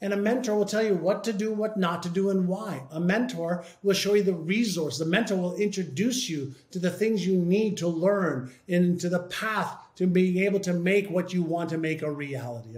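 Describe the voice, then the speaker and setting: A man's voice: high voice, moderate pace, few pauses, reverberant. A man from Canada telling a personal story in an interview, acting out both sides of a remembered conversation. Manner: animated retelling, acting out both sides of the dialogue. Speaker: interview guest.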